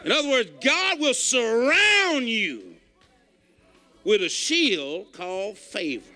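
A male pastor preaching a folksy, emphatic sermon, rising to shouts at times. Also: very high voice, big pitch swings, slow, soft background music.

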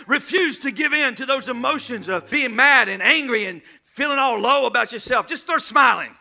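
A male pastor preaching a humorous sermon in church, shouting at times and calling for responses from the congregation. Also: very high voice, lively intonation, moderate pace, gravelly.

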